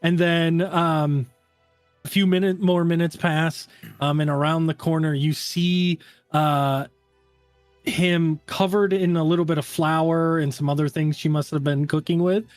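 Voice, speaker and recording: Casting note: a man as game master, fairly high voice, loose and chatty, dry mic with faint music under it. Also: steady tone, unhurried, no room sound. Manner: casual, filler-heavy narration with many "um" and "like". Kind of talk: narrating a tabletop game.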